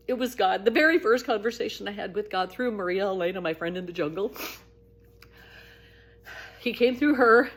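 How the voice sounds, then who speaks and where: An animated woman with a fairly high voice tells her personal story straight to the camera. She talks earnestly and in a chatty way, restarting her sentences as she goes. Her delivery is expressive and swings upward as she gets caught up in it. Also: normal speed, long pauses. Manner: animated and expressive, voice rising high when excited; earnest, talkative, with frequent restarts. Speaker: author telling her own story. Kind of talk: casual spiritual storytelling monologue.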